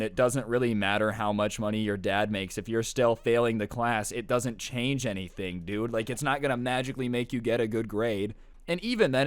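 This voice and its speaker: A man narrating a storytime video in a casual, animated way, full of slangy asides. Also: fairly low pitch, no room sound. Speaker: storytime YouTuber.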